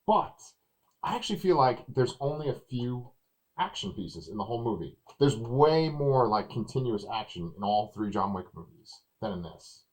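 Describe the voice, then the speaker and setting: A man reviewing a movie in casual chat, animated and acting out what others said. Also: mid-range voice, moderate pace, rough recording. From Texas. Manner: animated, acts out quotes loudly.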